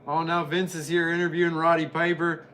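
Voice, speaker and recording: Male wrestling reviewer, casual watch-along, rambling jokey delivery, bright slightly high voice. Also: brisk, a little hiss or hum. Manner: rambling, joking, excitable.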